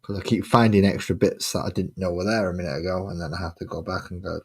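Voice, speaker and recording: A man's voice: low voice, fairly even intonation, quick pace, few pauses, darkish tone, breathy edge. A man streaming his miniature painting, chatting casually and muttering sarcastic asides to himself as he works. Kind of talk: casual chat while painting.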